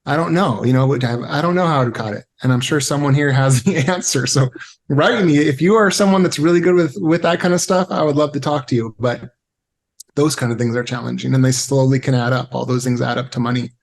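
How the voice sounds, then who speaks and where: A man's voice: mid-range voice, fairly quick, vocal fry. A man who is a guest on a podcast, talking in a reflective, conversational way and telling stories. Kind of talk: casual conversation.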